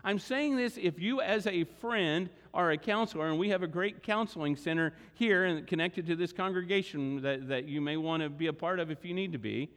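Male pastor with a high voice, preaching expressively in a church sanctuary. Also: a little fast, hardly any pauses. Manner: expressive, acts out voices of scripture figures. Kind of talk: sermon. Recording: long reverb of a large hall.

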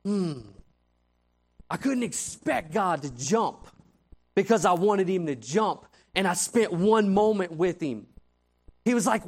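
A man's voice: sits high, slow, pauses often. A man preaching a conversational sermon as a youth pastor, telling stories animatedly and asking "right?" often. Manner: animated storytelling, frequent "right?" asides.

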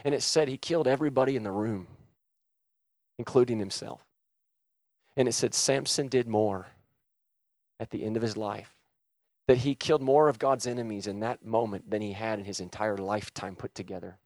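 A man preaching a sermon with passion, swinging from loud urgent calls to hushed, quiet retelling. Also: on the low side, normal speed, pauses often, no room sound, studio quality. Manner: impassioned, swings from shouting to hushed.

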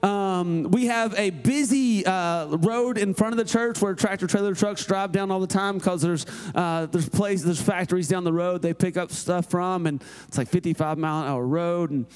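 A male pastor in his thirties with a notably high voice tells a sermon story. He is animated, sinking into quiet asides and then climbing into loud, shouted emphasis. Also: moderate pace, hardly any pauses, clean tone.

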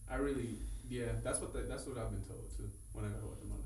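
A man's voice: mid-range voice, fast, creaky, darkish tone. A playful man from Los Angeles who teases the others in casual chat as a podcast co-host. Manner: playful, teasing. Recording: roomy, distant mic with faint noise.

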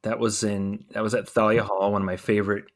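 Low-voiced man in rambling casual chat. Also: fairly quick. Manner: relaxed, rambling, many fillers. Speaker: podcast co-host.

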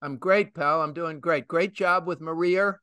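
Bright, crisp-voiced male talk host. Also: a little high, a little slow, no room sound. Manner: chatty, teasing, joking asides. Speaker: radio show host. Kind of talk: casual market talk.

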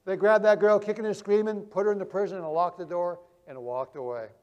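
A male preacher telling vivid illustrations, swinging from loud emphasis to hushed quiet. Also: high-pitched, steady tone, brisk, big-room sound, lo-fi sound. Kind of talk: sermon.

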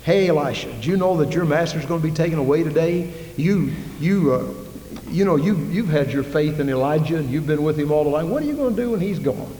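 A preacher doing pestering young prophet men. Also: male voice, fairly high pitch, lively intonation, dark tone, a little hiss or hum, lightly acted. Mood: taunting. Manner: pestering, fast questioning. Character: taunting young male prophets, doubting. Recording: echoey hall reverb.

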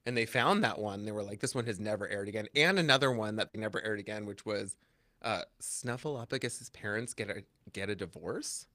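A man chatting casually on a podcast, telling a story in an animated way, acting out quotes in high voices and laughing often. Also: a little fast, no room sound, studio quality. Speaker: podcast co-host. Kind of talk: casual chat.

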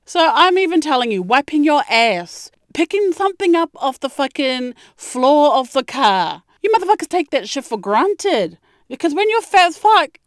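A young woman, ranting and telling stories in a brash, profane way, with sudden high-pitched outbursts. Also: no echo, clean studio sound. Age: young adult. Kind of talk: profane storytelling rant to camera.

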